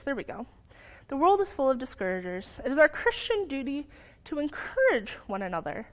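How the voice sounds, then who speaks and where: A young woman giving a sermon in a church, earnest, sometimes stumbling over her words and apologizing, lively when telling a story. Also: high voice, a little fast. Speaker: lay preacher. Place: church sanctuary.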